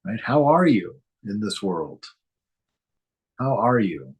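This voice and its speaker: A man leads a reflective spiritual talk in a deep, husky voice. He speaks gently and poses question after question to his listeners, often breaking into a soft chuckle. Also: big pitch swings, takes it slowly, muffled recording. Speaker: spiritual teacher giving commentary.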